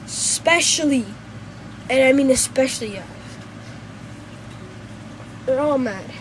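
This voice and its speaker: A woman's voice: sits high, animated, slow, slight background noise, poor audio. A woman retelling a fan-made story in a rambling way, with many restarts and fillers.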